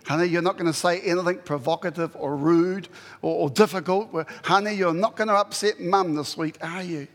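A man preaching a sermon, voicing a wife coaxing her husband, in a soft, lowered tone. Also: brisk, long reverb tail, lightly acted.

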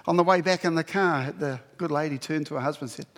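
A man's voice: a little high, quick pace, few pauses, big-room sound. A man preaching a sermon in a blunt, exhorting way, giving plain commands to his listeners.

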